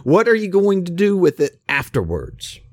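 A preacher acts out Jesus as a brisk, demanding healer who pushes his questions hard. The voice sits well above the man's own, louder and lively. The sound is dry and close. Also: on the high side, no room sound, voice pushed up. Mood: challenging. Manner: raised, emphatic, questioning delivery.

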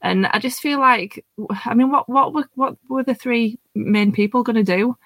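A woman chats casually about a film, restarting her sentences and laughing along. Her voice sits a little high. The recording is dry and close. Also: normal speed, a bit bright, dry recording. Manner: hesitant, chatty, laughs often. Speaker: panelist. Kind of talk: casual film review chat.

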